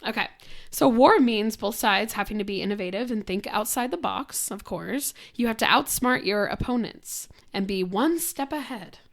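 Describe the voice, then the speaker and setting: A young woman co-hosting a casual podcast, hoarse from a cold and laughing often as she talks. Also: mid-range voice, normal speed. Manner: giggly, laughs often between lines. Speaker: podcast co-host.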